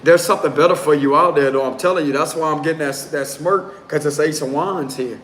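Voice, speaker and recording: A slightly high-voiced man reads tarot cards live in a loose, slangy, easygoing way that keeps slipping into giggles. His voice bounces around a roomy space, with a faint hiss of noise underneath. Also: brisk, a bit bright. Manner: casual and slangy, prone to giggles. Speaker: tarot reader. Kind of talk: casual live tarot reading.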